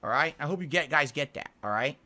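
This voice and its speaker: A man's voice: a little high, animated, fast talker, pushed and bright. A man streaming live, giving his chat an earnest, defensive lecture, and often checking in with "all right?". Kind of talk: livestream rant to chat.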